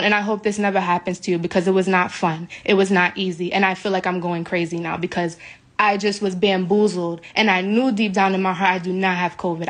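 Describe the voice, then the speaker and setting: An upset woman from the United States speaks straight into a phone camera in a hotel room, shaken and venting to her viewers. She is emphatic, often repeats her words and pleads with her audience. Her pitch sits mid-range for a woman. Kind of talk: emotional live video to followers.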